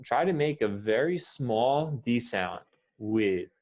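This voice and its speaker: An American man teaching English pronunciation one-on-one, patiently correcting and modeling words slowly. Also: medium pitch, animated, a little mellow, dull audio.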